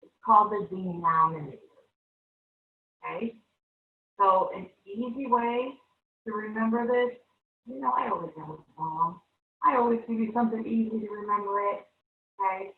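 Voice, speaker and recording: A woman's voice: mid-range voice, normal speed, pauses often, a little hiss or hum. A woman teaching a televised math lesson to young students, upbeat and coaxing, constantly checking in with the class. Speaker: third-grade teacher. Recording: echoey room, far-off, thin phone-like sound.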